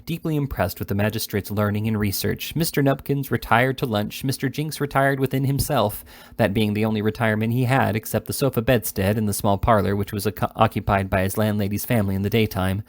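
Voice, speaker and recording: A man reading a classic novel aloud at a steady pace, with occasional slips and restarts. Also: fairly low pitch. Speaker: reader.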